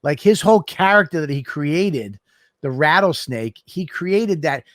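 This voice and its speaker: A man co-hosting a podcast in casual chat, excitable and self-mocking, swearing often. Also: on the high side, a little slow, no echo, studio quality. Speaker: podcast co-host.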